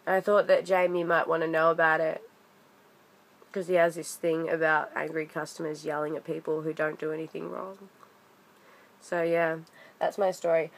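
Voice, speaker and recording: A woman's voice: fairly low pitch, a bit bright. A young woman telling a story in a casual vlog, chatty and indignant, with frequent fillers. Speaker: vlogger.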